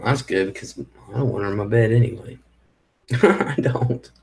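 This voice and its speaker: A man's voice: lowish voice, moderate pace, creaky. A middle-aged man, hosting a casual live stream and chatting with viewers in a rambling way, swearing when annoyed. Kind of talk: casual live chat reading viewer comments.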